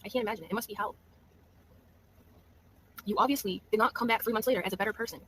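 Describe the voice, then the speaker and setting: A woman's voice: mid-range voice, very fast, a bit bright, slight background noise, low-quality recording. A woman streamer delivering scornful, profane commentary, taunting a rival with mock sympathy. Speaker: YouTube streamer. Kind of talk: mocking livestream commentary.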